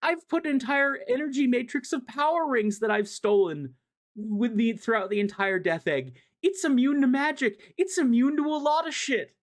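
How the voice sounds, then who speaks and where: Man putting on a shrill evil scientist voice, gloating, high-pitched, exaggerated. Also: moderate pace. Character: ranting evil male mad scientist.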